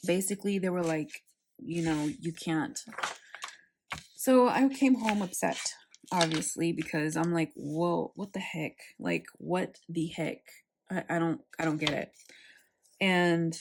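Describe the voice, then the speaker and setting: A young woman chatting casually while setting up her planner, telling a story with animated, sarcastic quoted voices. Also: fairly low pitch, gravelly, a little hiss or hum. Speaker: planner vlogger.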